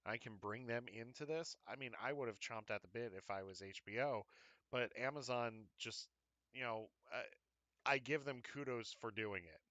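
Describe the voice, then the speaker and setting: A man hosting a live online show, chatting casually, enthusiastic and expressive, laughing often. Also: mid-range voice, moderate pace, no echo. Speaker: host. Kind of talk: casual chat.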